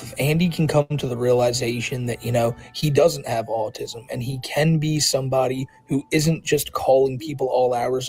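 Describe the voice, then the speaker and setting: A man's voice: mid-range voice, darkish tone, rough recording. A man co-hosting a podcast, giving blunt, rambling, sarcastic commentary in casual talk. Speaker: podcast co-host.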